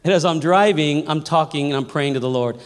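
A man who is a pastor, preaching a sermon to a congregation in a church, telling funny stories that build to shouted praise. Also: a little high, fairly quick. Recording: long hall reverb, faint congregation.

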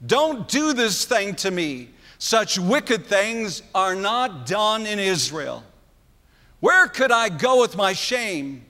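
A man's voice: sits high, very animated, takes it slowly, pushed and bright, exaggerated voice. A man voicing a young woman who pleads desperately with her brother. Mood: pleading. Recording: long hall reverb.

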